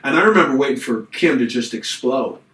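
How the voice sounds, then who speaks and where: A man's voice: mid-range voice, brisk, echoey room, distant mic, rough recording. A middle-aged man co-hosting a podcast, telling a long personal story in casual chat and acting out the voices in it. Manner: animated storyteller acting out quotes. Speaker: podcast co-host.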